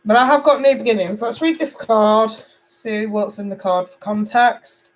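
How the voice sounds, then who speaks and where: A middle-aged woman from England reading tarot cards live, chatty and animated as she talks to viewers. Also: a little high, moderate pace, low-quality recording. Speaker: tarot reader.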